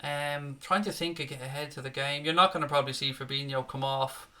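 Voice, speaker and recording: A man's voice: mid-range voice, steady tone, brisk, pushed and bright. A man hosting a live football watchalong, chatting casually and reading out viewer comments with a matey, joking manner. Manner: chatty, matey, jokey, says "mate" often.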